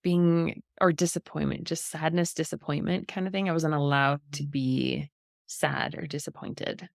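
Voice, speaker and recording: A middle-aged woman hosting a podcast, talking in a soft, reflective way in short, trailing phrases. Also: sits low, fairly even intonation, moderate pace, creaky, dry recording, clean studio sound. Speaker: podcast host. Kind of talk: reflective casual conversation.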